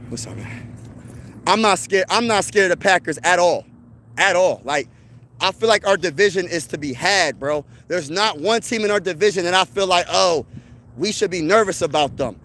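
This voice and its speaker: Hyped high-voiced sports host. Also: male voice, moderate pace, a bit bright. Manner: boastful, hyped trash talk. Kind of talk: live-stream sports chat.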